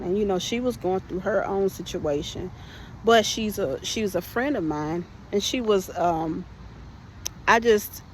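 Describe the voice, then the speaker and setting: A woman's voice: on the low side, a little hiss or hum, poor audio. A woman hosting a podcast and telling her personal testimony in a conversational way, often speaking to listeners as "y'all" and restarting her sentences.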